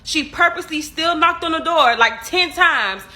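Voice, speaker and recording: High, sharp-voiced woman scolding. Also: moderate pace. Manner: exasperated, scolding, sarcastic. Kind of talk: opinion rant to camera.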